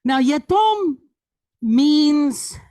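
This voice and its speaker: A man teaching a Hebrew reading lesson, patiently spelling out letters and vowels and repeating each word slowly. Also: extremely high pitch, lively intonation, mellow, dry recording, studio quality. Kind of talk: classroom teaching.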